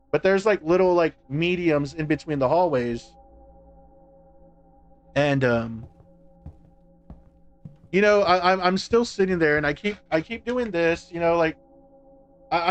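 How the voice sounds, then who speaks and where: Guy streaming, telling a story, says like a lot, swears some, kinda high voice, faint music in the back. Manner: rambling, full of "like" and restarts, swearing. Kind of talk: casual storytelling on a live stream.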